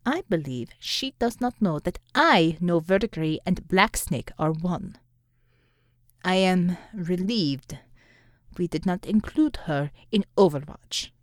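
A woman voicing a stern, cold female commissar who speaks in a clipped, flat way through clenched teeth. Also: on the low side, takes it slowly, no echo, clean studio sound, voice pushed down. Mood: cold anger.

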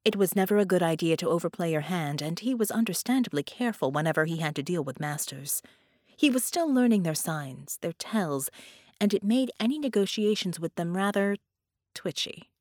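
A woman reading a science-fiction story aloud as narrator, in a steady storytelling manner. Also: on the low side, moderate pace, no room sound, studio quality. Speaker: audiobook narrator. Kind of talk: scripted narration.

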